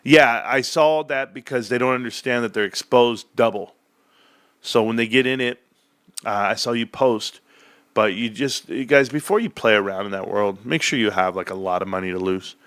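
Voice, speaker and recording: A man's voice: medium pitch, normal speed, a bit bright, smooth, no room sound. A man hosting a live stream, reading chat and ranting in a sarcastic, heated, emphatic way. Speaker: livestream host reading chat. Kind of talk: live-stream rant about stocks.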